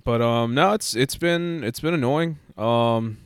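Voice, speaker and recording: A man's voice: mid-range voice, a little slow, slight background noise. A man co-hosting a casual podcast who sounds tired, rambling and restarting his sentences. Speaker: podcast co-host.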